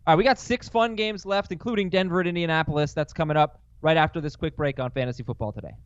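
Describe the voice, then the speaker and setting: A man hosting a casual sports chat show in a studio, quick and questioning as he steers his panel. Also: a little high, highs cut off, slight background noise. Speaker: show host.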